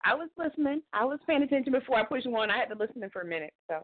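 A chatty, outspoken woman calls in to a radio show and talks fast, laughing often. Her voice comes through a thin, tinny phone line. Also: on the high side, animated. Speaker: caller and former co-host. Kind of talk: casual call-in radio chat.

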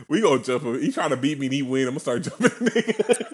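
A man's voice: medium pitch, sing-song, a little fast, background noise. Laid-back, rambling man podcast co-host. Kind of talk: casual podcast chat.

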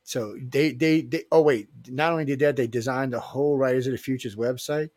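A man's voice: mid-range voice, steady tone, a little fast, darkish tone, no echo. A man hosting a casual radio show, joking and rambling with filler restarts. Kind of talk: casual live radio chat.

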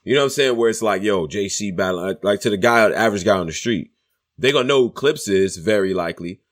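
A man's voice: lowish voice, quick pace. A man co-hosting a casual chat about battle rap, laid-back and opinionated, talking in slang.

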